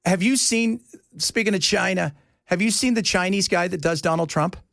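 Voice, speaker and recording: A man hosting a talk radio show, rambling in a casual, animated way from topic to topic. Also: high voice, normal speed, creaky, no room sound, studio quality.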